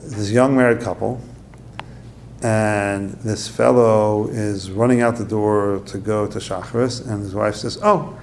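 Gravelly man teaching a Torah class. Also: fairly even intonation, a little slow, darkish tone, slight background noise. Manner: storytelling, acts out quotes with sudden high outbursts. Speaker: rabbi giving a class.

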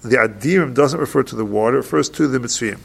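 A man teaching a halacha class, reading each Hebrew passage slowly and then explaining it in quick plain English. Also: mid-range voice, vocal fry, breathy edge. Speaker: Torah teacher.

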